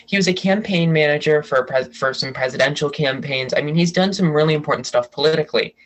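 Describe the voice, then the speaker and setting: Man, podcast guest, casual gossip, animated storyteller, fairly high voice. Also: fast talker, poor audio. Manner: animated storyteller, acts out quotes.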